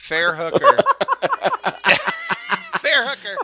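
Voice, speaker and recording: Joking guy hosting a fan podcast quiz, super bright voice, bouncy pitch. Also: big pitch swings, slow. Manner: joking, laughs often, spells out names. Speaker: podcast host. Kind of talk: casual panel chat, quiz game.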